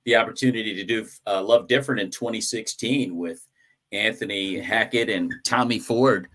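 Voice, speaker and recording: A man hosting a comedy interview show, chatting casually and telling an animated anecdote with laughs. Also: on the low side, normal speed.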